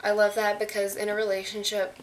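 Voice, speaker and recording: A young woman vlogging as an excited fan, gushing and chatty with lots of fillers. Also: mid-range voice, brisk. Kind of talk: casual chat. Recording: faint hiss.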